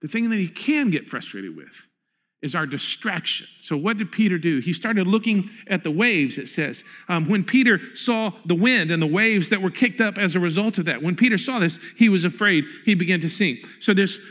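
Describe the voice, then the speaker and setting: Guy pastor preaching, high bright voice, kinda dull lo-fi sound. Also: animated, normal speed. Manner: conversational, asks the congregation questions. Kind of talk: sermon.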